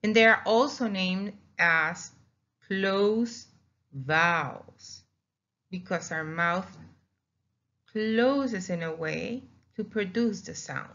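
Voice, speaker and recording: Speaking extremely slowly in a fairly bright, mid-range voice, a native Spanish-speaking teacher patiently explains the vowels, repeating words and demonstrating each sound. The recorded lesson has dull lo-fi sound.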